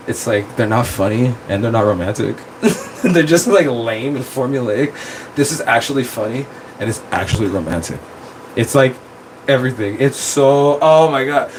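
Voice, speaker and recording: A man hosting a casual livestream, talking into his phone in a rambling, excitable way with plenty of swearing. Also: medium pitch, a little hiss or hum, poor audio. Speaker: streamer.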